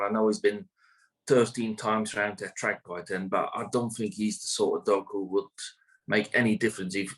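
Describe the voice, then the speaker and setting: Low-pitched male trainer, chatty and rambling, full of "you know"s. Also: fairly bright tone, poor audio. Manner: rambling, many fillers and restarts. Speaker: greyhound trainer. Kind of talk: casual interview.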